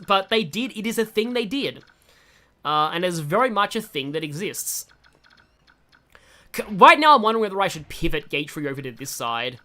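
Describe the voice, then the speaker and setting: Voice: mid-range voice, pushed and bright. A young adult streamer giving casual, rambling gameplay commentary, often breaking off mid-sentence. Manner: rambling, chatty, self-interrupting. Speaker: gaming streamer.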